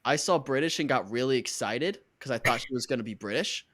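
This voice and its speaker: A man's voice: medium pitch, animated, fairly quick, fairly bright tone. A man hosting a podcast in casual chat, joking and rambling with fillers. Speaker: podcast host.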